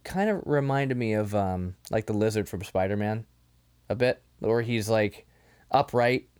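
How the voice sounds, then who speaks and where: A man's voice: fairly low pitch, unhurried, a little mellow, smooth. A man co-hosting a casual movie review chat, laughing often and acting out quotes. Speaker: podcast co-host.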